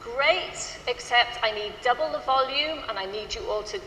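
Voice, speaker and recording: A woman's voice: on the high side, normal speed, bright, forceful tone. A woman choir director giving upbeat, chatty instructions to her choir at a rehearsal in a hall. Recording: echoey hall with faint ambient noise.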